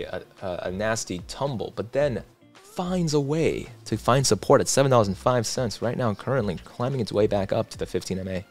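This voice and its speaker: Male streamer, low voice, laid-back chat reader, faint background music. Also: vocal fry. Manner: relaxed, reads chat aloud, chatty asides. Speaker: livestream host. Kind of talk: casual livestream chat reading comments.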